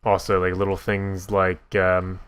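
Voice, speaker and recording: A young man giving casual, self-mocking commentary while he builds in a block game, with a deep voice that sometimes cracks. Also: completely flat delivery, a little slow, fairly bright tone, clean tone. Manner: chatty, self-mocking, laughs at his own slips. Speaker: gaming YouTuber.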